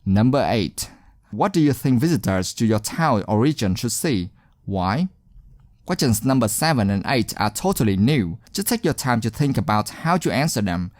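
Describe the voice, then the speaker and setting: A male teacher narrates a speaking lesson with an animated, rising and falling voice. He sounds encouraging and deliberate and leans on key words. His voice is close and dry, with no room around it. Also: mid-range voice, no room sound. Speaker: English exam teacher. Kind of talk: scripted instructional narration.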